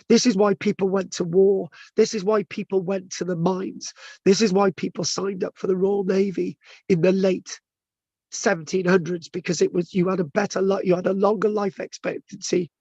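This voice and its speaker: A man's voice: high voice, no echo, lo-fi sound. A man with a strained, tired voice, giving a rambling informal history talk and stumbling over place names. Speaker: local history presenter.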